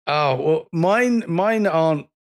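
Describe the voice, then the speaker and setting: A man's voice: a little high, animated. A man in his forties co-hosting a podcast, chatting casually and rambling with self-deprecating jokes. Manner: rambling, self-deprecating, quick to laugh and quote lines. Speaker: podcast co-host. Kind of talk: casual chat.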